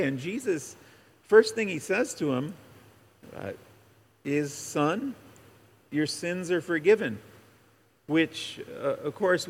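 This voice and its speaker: A man explains scripture in an unhurried, conversational sermon, often trailing off and restarting his thoughts. His voice sits in an ordinary middle range. The recording carries a long reverb from a large hall. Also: medium pitch, fairly bright tone. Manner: casual, rambling, many fillers and restarts. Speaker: pastor or Bible teacher.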